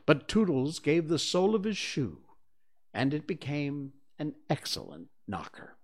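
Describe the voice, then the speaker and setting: Unhurried man reading a storybook aloud. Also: medium pitch. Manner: unhurried and expressive. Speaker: reader of a serialized book. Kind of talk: storybook read-aloud narration.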